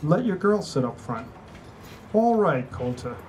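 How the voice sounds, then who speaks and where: A man's voice: on the high side, measured pace, slight background noise, voice pushed up. A man doing an easygoing Jamaican teammate. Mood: friendly. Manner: relaxed, friendly. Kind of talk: live reading of a novel.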